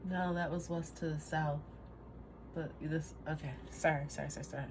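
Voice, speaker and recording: A woman's voice: low voice, fairly even intonation, moderate pace, background noise. A woman giving a casual tarot reading to camera, rambling, trailing off and laughing at herself. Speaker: tarot reader.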